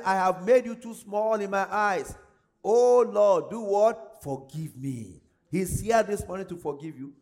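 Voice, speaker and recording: A male pastor with a high-pitched voice leads his congregation in fervent prayer. He calls out prayer points for them to repeat and breaks into speaking in tongues.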